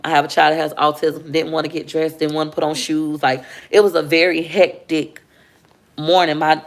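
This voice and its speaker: A woman's voice: sits low, vocal fry. Candid mom telling her story. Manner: candid, heartfelt, addresses viewers as y'all. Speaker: mother and livestream host. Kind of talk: emotional personal storytelling on a livestream.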